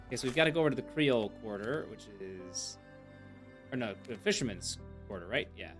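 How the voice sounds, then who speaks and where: A man streaming a video game live, thinking aloud and gently mocking himself. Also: mid-range voice, animated, brisk, soft background music.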